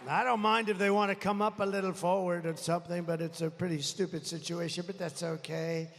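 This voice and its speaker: Gravelly man ranting at a rally. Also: sits high, flat delivery, a little fast, a bit bright, a little hiss or hum. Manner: rambling, boastful, angrily complaining about the mic. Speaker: political rally speaker. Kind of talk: unscripted rally speech. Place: large rally venue. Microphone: podium microphone. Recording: echoey arena with faint crowd.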